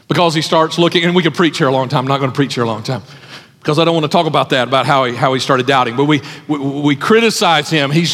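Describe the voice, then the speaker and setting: A man's voice: on the high side, fairly bright tone. A man preaching a sermon as pastor, emphatic, repeating his phrases for effect. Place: church hall with an audience. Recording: long hall reverb.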